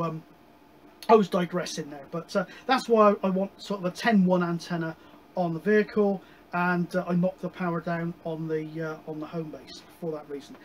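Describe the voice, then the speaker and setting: A man casually chatting about his radio hobby, rambling with many pauses and digressions. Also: high-pitched, a little hiss or hum, rough recording. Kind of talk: casual chat.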